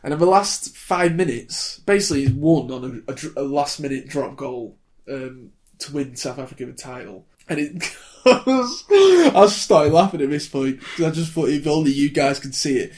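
A man's voice: a little high, moderate pace, hardly any pauses. A man in his twenties co-hosting a casual chat, reviewing films in a blunt, wry way. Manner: blunt, wry, animated when ranting. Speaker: podcast co-host reviewing films.

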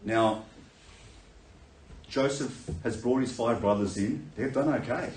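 Male preacher, animated sermon storytelling, echoey room, distant mic, faint background noise. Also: mid-range voice, slow pace. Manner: animated storytelling, acts out voices with laughter.

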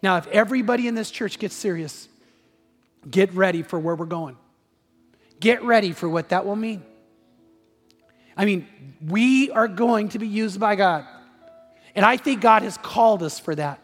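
Male pastor, high-pitched and fervent, preaching live in a reverberant sanctuary. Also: normal speed, soft background music. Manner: impassioned preaching that rises in pitch and volume, then drops to a soft prayer. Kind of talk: sermon. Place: large church auditorium.

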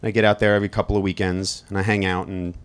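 A man's voice: low voice, little pitch movement, fast, smooth. A man from Long Island telling a personal story live, candid and wry, swearing freely. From Long Island, New York.

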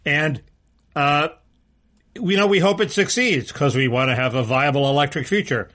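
A man's voice: on the high side, normal speed, a bit bright. A man co-hosting a casual political podcast, talking bluntly and restarting his sentences often. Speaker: co-host.

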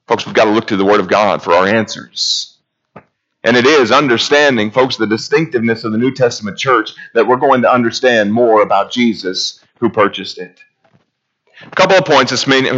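A man preaching a sermon in a church, earnest and full of rhetorical questions, his voice swelling high and then dropping low. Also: pushed and bright, lo-fi sound.

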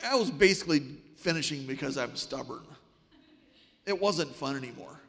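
A man preaching a sermon, telling a story with wry, animated delivery. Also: on the high side, normal speed, creaky, in a large hall.

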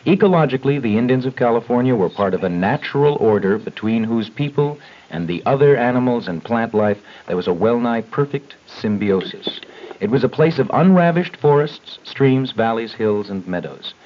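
A man reading a prose passage aloud in an earnest, deliberate way on a radio show. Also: mid-range voice, lively intonation. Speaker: comedy radio regular. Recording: dull lo-fi 1970 radio broadcast.

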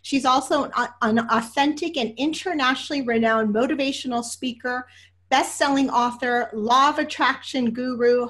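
A woman with a slightly high, fairly bright voice introduces a casual podcast interview as its host. She comes across as effusive and emotional, using lots of fillers and restarting her sentences.

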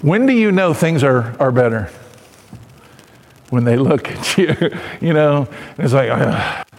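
A middle-aged man preaching a sermon as pastor, animated and acting out voices and cries. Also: medium pitch, slow, creaky. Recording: long hall reverb.

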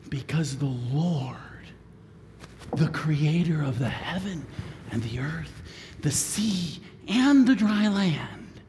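A man preaching a sermon, retelling a story theatrically and swinging between shouts and whispers. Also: fairly high pitch, background noise. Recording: long reverb of a large room.

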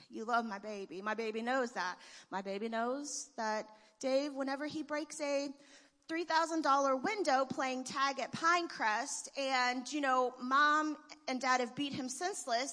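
A woman's voice: high-pitched, pushed and bright. A woman giving an emotional church testimonial, laughing between phrases. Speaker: church member giving a tribute. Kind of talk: heartfelt testimonial speech. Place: church sanctuary. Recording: long reverb of a church hall.

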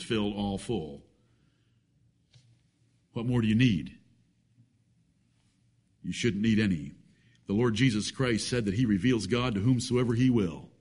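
A man's voice: lowish voice, a little mellow, breathy edge. A man preaching a sermon, emphatic, with rhetorical questions and folksy jokes.

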